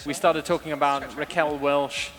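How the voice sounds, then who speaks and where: A man's voice: a little high, fairly even intonation, moderate pace, fairly bright tone. A man who is a lead hairstylist speaks on stage about his creative ideas and classic techniques, reflective and earnest, often restarting his sentences. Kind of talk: stage talk on a creative concept. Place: large event hall on stage. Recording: live hall with long reverb.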